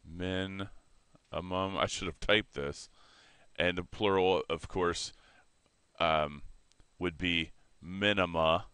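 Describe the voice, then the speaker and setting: A man teaching a math lesson in a relaxed way, correcting himself and explaining as he sketches on a board. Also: deep voice, takes it slowly, long pauses, smooth, dry recording.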